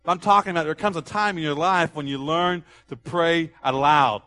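A man's voice: fairly high pitch, steady tone, normal speed, bright, forceful tone. A man preaching a sermon in a conversational, emphatic way. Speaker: pastor.

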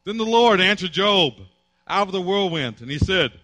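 Brief: male pastor preaching, high-pitched, forceful, dry close sound. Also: animated, moderate pace, dry recording. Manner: emphatic, repetitive preaching. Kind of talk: sermon.

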